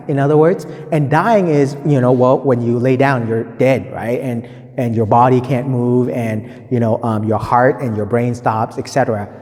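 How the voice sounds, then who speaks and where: A man walks through a gospel reading in an easy teaching tone, stopping to ask "right?" and stressing his points again. His voice is mellow and dark. The sound rings with a long reverb tail. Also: mid-range voice. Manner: conversational, repeats points, many "right?" tag questions. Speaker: preacher giving a gospel reflection. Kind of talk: teaching reflection on scripture.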